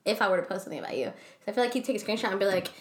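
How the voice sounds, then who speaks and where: A woman co-hosting a casual podcast, telling stories in an animated way, swearing freely and acting out quotes. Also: medium pitch, very fast. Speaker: podcast co-host. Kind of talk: casual chat. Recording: echoey room.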